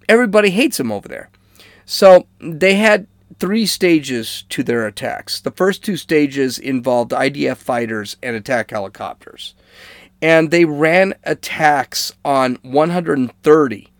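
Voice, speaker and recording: On a clean studio recording with no room sound, a male political commentator with a voice on the high side chats about current events. His delivery is conversational, full of fillers and restarts, and he often asks listeners "okay?" while correcting himself.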